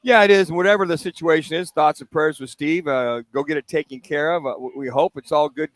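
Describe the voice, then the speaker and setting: Fast-talking male radio co-host. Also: a little high, no room sound. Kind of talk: live sports radio talk.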